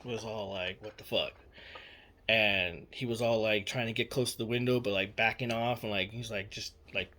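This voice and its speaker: A man's voice: on the low side, steady tone, normal speed, hardly any pauses, sharp tone. Young man, casual storyteller; loose, repetitive, swears a lot. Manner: rambling, repeats himself, many fillers and swearing. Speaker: storyteller recounting a personal experience. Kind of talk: casual spoken account.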